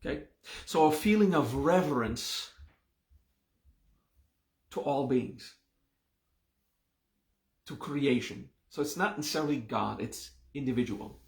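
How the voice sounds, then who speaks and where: Slow, patient man teaching in a roomy echo. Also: mid-range voice, creaky. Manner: slow, patient explaining with frequent "okay?" checks. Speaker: meditation and mantra teacher. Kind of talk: live online class explanation.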